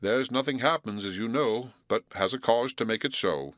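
A man voicing a wise old male frog who lectures and croaks in a storybook reading. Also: medium pitch, moderate pace, fairly bright tone, no echo, clean studio sound, pitched above the performer's own voice, lightly acted. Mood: knowing. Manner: croaks "chug-a-rum", lecturing. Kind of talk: storybook character voice.

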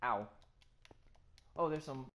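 A let's play gamer giving live gameplay commentary, excitable and swearing constantly while exploring. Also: medium pitch, takes it slowly, background noise.

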